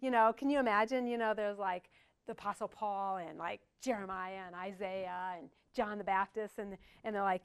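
A woman's voice: mid-range voice, brisk, clear, resonant tone. An older woman preaching a sermon in a conversational way, with joking asides to the congregation.

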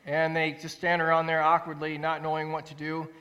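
A man preaching a sermon as pastor, earnest and animated, acting out quotes and repeating phrases for emphasis. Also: a little high, brisk, highs cut off. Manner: animated storytelling, acts out quotes with rising voice.

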